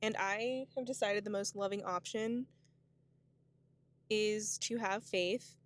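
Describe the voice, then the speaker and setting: Taking it slowly, a woman in her twenties speaks with a mid-range voice and fairly even intonation. This vlogger's to-camera monologue is relaxed and reflective, spiritual in flavor, and sprinkled with "like" and "you know."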